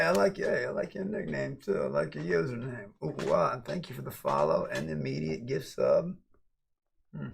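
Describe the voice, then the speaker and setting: A man livestreaming a late-night casual chat. He rambles and swears, and swings from low mumbles to loud, excited shouts. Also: moderate pace, gravelly, a little hiss or hum.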